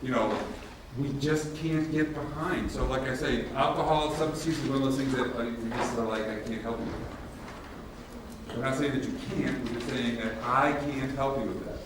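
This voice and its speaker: At a workshop in a large room with an audience, a male presenter tells stories casually and brings the dialogue to life with animated emphasis. His voice is medium-pitched and brisk, sounding distant from the mic in a very echoey hall, with faint ambient noise underneath.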